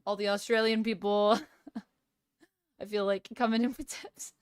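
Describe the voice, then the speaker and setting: A woman's voice: medium pitch, flat delivery, measured pace, smooth, no echo, clean studio sound. A young Canadian woman streaming live, chatting playfully and reading viewer comments aloud. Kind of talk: casual live-stream chat.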